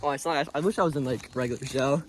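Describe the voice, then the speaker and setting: A man's voice: medium pitch, fast, background noise. A young man giving a rambling, earnest pep talk full of crude slang while walking through the woods, recorded on a phone. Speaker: vlogger. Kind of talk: casual vlog chat on a walk. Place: outdoors in woods. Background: faint birds and insects.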